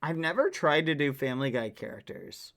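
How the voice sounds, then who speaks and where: A man chatting casually with his stream chat in a relaxed, joking way. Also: a little high, a little fast, creaky.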